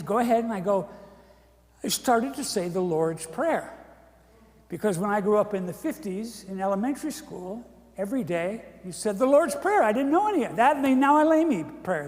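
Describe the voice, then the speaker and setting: A man in his seventies giving a testimony as a comic monologue, animated with deadpan, wry asides. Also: sits high. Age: 70s. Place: church. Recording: echoey church hall.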